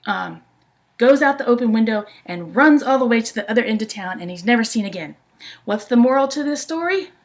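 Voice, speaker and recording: A woman performing a folk tale aloud as a storyteller, in a lively, chatty way. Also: fairly high pitch. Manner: animated, chatty retelling.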